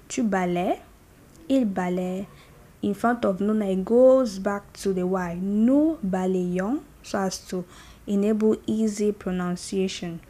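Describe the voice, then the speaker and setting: A woman's voice: mid-range voice, mellow. A woman teaching a French grammar lesson, reciting conjugations and often checking in with "okay?". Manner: slow and deliberate, repeats conjugations aloud, checks in with "okay?". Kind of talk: explaining grammar, slow drill-style lesson.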